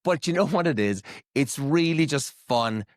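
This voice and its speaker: A man's voice: fairly high pitch, expressive, normal speed, dry recording, clean studio sound. A man hosting a podcast, chatting casually and gossiping about reality TV with plenty of laughter and swearing. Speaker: podcast host. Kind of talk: casual chat recapping reality TV.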